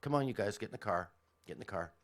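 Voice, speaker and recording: An exasperated mother, played by a man telling a story, scolding briskly and brushing off her son's excuses. The voice is low and gravelly, with quick, no-nonsense orders. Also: lively intonation.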